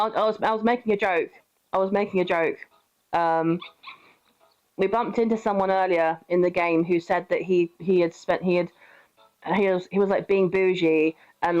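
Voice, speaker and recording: A woman's voice: lowish voice, a little mellow, dull audio. A young British woman giving casual, sweary gameplay commentary, chatting, laughing often and cooing at her pet. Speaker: streamer.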